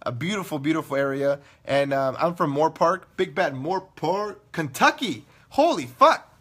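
Loud, joking young man with a bright voice. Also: a little high, moderate pace, husky. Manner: loud, profane, joking, laughs often. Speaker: online radio show host. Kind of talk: casual live-stream chat with viewers.

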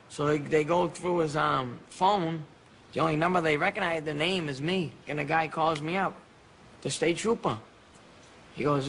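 A man's voice: fairly high pitch, normal speed, fairly bright tone, slight background noise. A man from Massachusetts telling a story in a casual interview, rambling and repeating phrases. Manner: rambling, repeats himself, laughs between phrases. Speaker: interviewee, former boxer.

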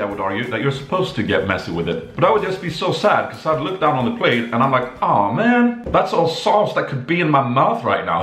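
A man from Sweden talking casually in a home vlog, chatty and playful, dropping to soft murmurs and jumping to high excited bursts. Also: echoey room. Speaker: vlogger. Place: home kitchen.

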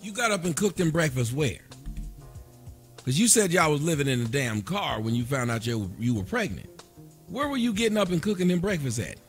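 A man's voice: fairly high pitch, very animated, a little fast, faint music behind. A man hosting a reaction commentary, mocking and sarcastic, talking straight to his viewers. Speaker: commentary host.

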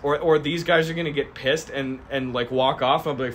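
A young man streaming from his garage, casually pitching a comedy sketch and acting out both sides of the scene. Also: a little hiss or hum. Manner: animated, acts out both sides of the scene in quick voices.

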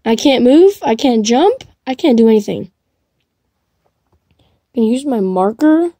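A woman narrating her gameplay in a high, bouncy voice that leaps all over the place. Her tone is mellow rather than bright. The sound is dry and close. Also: a little slow, no room sound. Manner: excitable, talks to herself while playing. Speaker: gamer streaming gameplay. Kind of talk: casual gameplay commentary. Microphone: device mic while playing on a tablet.

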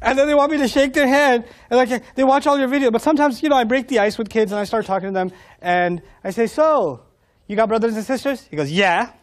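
A man preaching to a live audience in a humorous, animated way, acting out dialogue and laughing often. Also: very high voice, fast talker, hardly any pauses.

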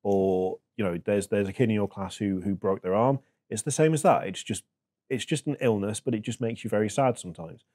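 A man in his thirties, a podcast guest talking in a reflective, halting way with many fillers. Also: on the low side, mellow. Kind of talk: casual chat.

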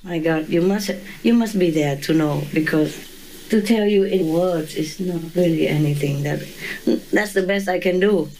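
A woman's voice: on the low side, normal speed, a little mellow, slight background noise, rough recording. A woman being interviewed who tells a story with animation, laughing often and acting out voices and sounds.

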